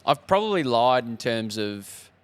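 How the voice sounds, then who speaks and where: A man's voice: mid-range voice, sing-song, measured pace, smooth, no room sound. A man co-hosting a podcast, reacting to the stories and chiming in with questions. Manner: reactive, interjecting listener. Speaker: co-host. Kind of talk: casual podcast chat. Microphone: studio mic.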